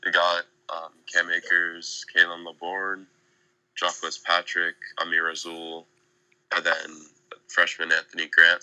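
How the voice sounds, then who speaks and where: A young man giving casual, measured analysis on a podcast, with plenty of fillers. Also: low voice, sharp tone, dry recording, low-quality recording. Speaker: guest analyst.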